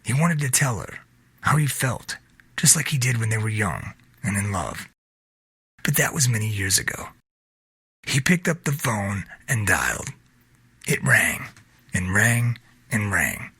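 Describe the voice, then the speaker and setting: A man reading scripted narration of an audio drama in a measured, expressive way. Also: mid-range voice, slightly rough, dry recording.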